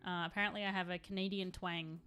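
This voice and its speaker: A woman's voice: lowish voice, flat delivery, fast, sharp tone, soft background music. A young adult woman chatting casually on a live stream while she paints, rambling and laughing often.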